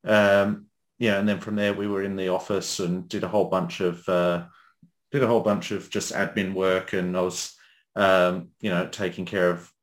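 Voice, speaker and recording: An Australian man with a low voice recounts his day on a casual podcast. He pauses a lot, uses fillers and stops to correct himself. His delivery stays relaxed and unpolished. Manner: hesitant, self-correcting, with many fillers. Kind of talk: casual chat.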